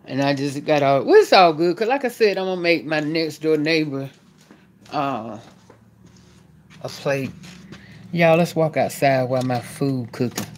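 Brief: woman, casual vlog chat to the camera, animated pitch, faint background noise, recorded on a phone. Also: a little slow, long pauses. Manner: chatty, animated, talks straight to the camera. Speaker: vlogger. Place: at home, then outdoors on the porch.

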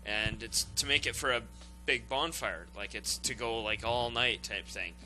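A man's voice: medium pitch, moderate pace, pushed and bright, soft background music, low-quality recording. A man on a casual talk panel, explaining things plainly and at length. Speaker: show regular.

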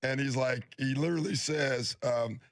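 A man's voice: medium pitch, moderate pace, gravelly. A man, a former basketball player, telling anecdotes in an interview and laughing as he goes. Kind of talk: storytelling in a broadcast interview.

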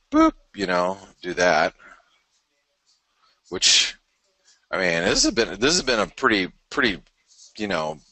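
This is live chart analysis from a man who hosts a trading show, speaking in a low voice with a pushed, bright edge. Sleepy and yawning in the early hours, he wanders loosely through the markets, restarting often and filling gaps with filler words. The audio is poor and echo-free.

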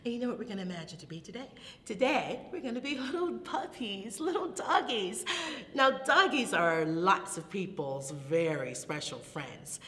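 A woman who is a children's librarian, leading a toddler storytime with rhymes and songs in a slow, animated, sing-song manner, with delighted gasps and soft whispers. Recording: long reverb, faint low rumble.

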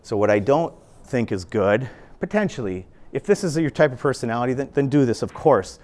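A man in his fifties teaches pool at a billiard club in a casual but earnest way, his mid-range voice animated, a bit quick and somewhat dark. He says phrases again and again as he demonstrates the stroke.

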